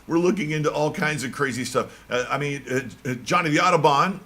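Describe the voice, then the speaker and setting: A man's voice: on the high side, brisk, sharp tone. A man hosting a casual sports talk show, joking around and rambling with lots of restarts. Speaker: podcast host.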